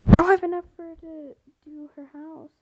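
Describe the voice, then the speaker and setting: A woman's voice: very high voice, fairly even intonation, a little fast, dull audio, heavy background noise. A woman giving casual, rambling commentary while playing a life-simulation game, talking to herself and to her viewers. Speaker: gameplay video host.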